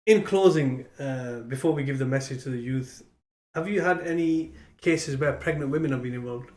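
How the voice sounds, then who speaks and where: A man's voice: medium pitch, normal speed, darkish tone. A man hosting a podcast, interviewing a guest and thanking him in a casual way. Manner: brief encouraging interjections. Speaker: podcast host. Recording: echoey room.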